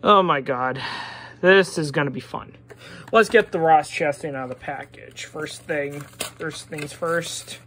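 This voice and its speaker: A woman with a Pittsburgh accent giving a profane, exasperated product review, sliding from low muttering into loud outbursts. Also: unhurried, slight background noise. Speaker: diecast collector reviewer.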